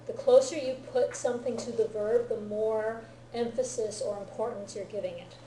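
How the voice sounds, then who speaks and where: A woman's slightly high, mellow voice explains grammar to her students in a classroom lecture. She keeps checking that they follow her, and the room around her is roomy and echoey. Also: steady tone, normal speed, a little hiss or hum. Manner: checks understanding often with "right?" and "okay?". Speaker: Japanese language teacher.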